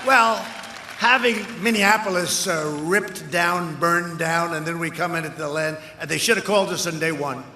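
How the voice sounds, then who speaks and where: An older man delivers a rambling, boastful campaign speech at an outdoor rally, his voice high and forceful for a man. It echoes out through a PA with a long tail. A crowd murmurs faintly underneath. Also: moderate pace, a little hiss or hum. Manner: boastful, rambling, punchy repetition. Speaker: political candidate.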